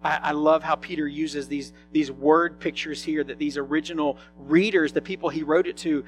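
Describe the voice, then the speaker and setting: A male pastor preaching a sermon in a conversational way, often asking his listeners questions. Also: a little high. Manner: conversational, asks the congregation questions.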